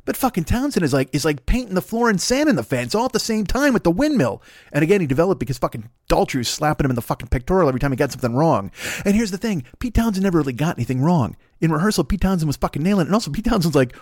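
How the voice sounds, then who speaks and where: Animated profane man riffing solo. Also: fairly high pitch, very fast, no echo, studio quality. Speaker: podcast host. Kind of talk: rambling comedic monologue.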